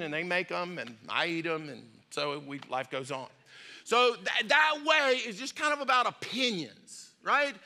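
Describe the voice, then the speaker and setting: A man's voice: high voice, sharp tone. A male pastor preaching a folksy, conversational sermon with a lot of repetition and storytelling.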